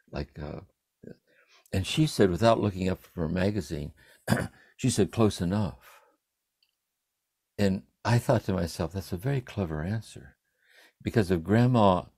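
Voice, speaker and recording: An older man speaking from a room at home over a livestream, giving a contemplative spiritual reflection in a meditative way, letting his phrases trail off softly. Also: sits low, no echo. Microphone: livestream computer mic.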